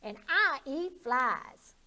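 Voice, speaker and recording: A woman voicing a cheery, boastful little male frog in a storybook read-aloud, with a loud, high, sing-song delivery. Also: expressive, drawn-out words, exaggerated voice.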